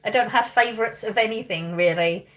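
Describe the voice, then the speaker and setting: A woman's voice: medium pitch, a little fast, fairly bright tone. Chatty woman hosting a livestream. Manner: chatty, laughs often, thinks aloud with fillers. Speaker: livestream host reading viewer questions. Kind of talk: casual live chat.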